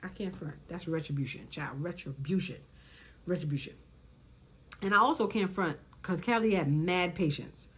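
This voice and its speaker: A woman recapping reality show episodes in casual commentary, chatty and animated, often repeating herself for emphasis. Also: lowish voice, normal speed, few pauses, breathy edge.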